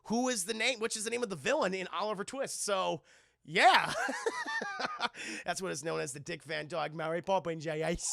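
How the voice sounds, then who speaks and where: A man reviewing a film live and chatting with his viewers, rambling, swearing and animated. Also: high-pitched, brisk, vocal fry, dry recording. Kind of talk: casual chat with a live audience.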